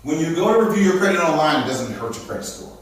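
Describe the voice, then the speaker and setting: A man's voice: on the high side, lively intonation, fast. A man teaching a live credit repair class, checking in with the audience after nearly every point. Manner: checks in with frequent "okay?" and "all right?". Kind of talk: live seminar lecture. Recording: very echoey room, from far off.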